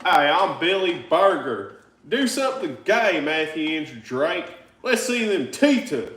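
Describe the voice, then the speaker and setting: A man putting on a crude, mocking man with an exaggerated southern drawl, in a high, jeering, sing-song voice. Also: big pitch swings, unhurried, a bit bright, a little hiss or hum, full character voice. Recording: echoey room.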